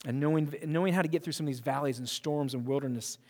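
Male pastor, slightly high voice, animated sermon with hushed and loud swings and many restarts; long church-hall reverb. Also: fast. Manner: repeats words and restarts often. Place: church auditorium.

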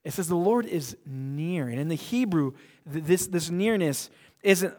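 Male pastor, middle-aged, sermon, slightly high voice, dramatic shifts from loud to hushed. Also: expressive, unhurried. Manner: dynamic delivery, swinging between loud declarations and hushed near-whispers.

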